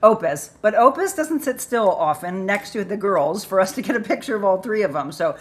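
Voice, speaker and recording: A woman's voice: medium pitch, lively intonation, a little fast. A woman hosting a live chat show, upbeat and chatty as she reads out viewers' comments and names. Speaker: livestream host.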